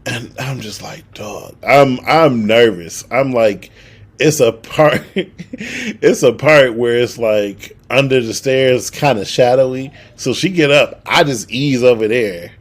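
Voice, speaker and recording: A man's voice: medium pitch, slow. A young man, casually telling a story on a podcast and acting out the quotes. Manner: animated storyteller, acts out quotes. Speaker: podcast co-host.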